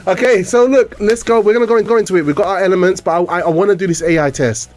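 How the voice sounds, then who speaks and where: A man's voice: sits high, racing. A man hosting a morning radio show, chatting in an upbeat, joking way and reading out listener messages. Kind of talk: casual morning show chat.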